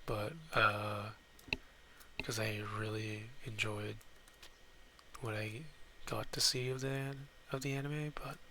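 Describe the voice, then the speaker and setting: A man's voice: fairly low pitch, level tone, slow pace, background noise. A young man giving casual let's-play commentary at a desk mic, rambling and muttering asides as he plays. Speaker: gaming YouTuber.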